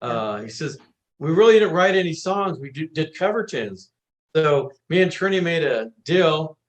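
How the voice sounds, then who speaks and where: A man with a somewhat high voice talks as a guest in a casual interview. He tells stories with energy and acts out the people he quotes. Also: lively intonation, normal speed. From United States. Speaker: guest musician.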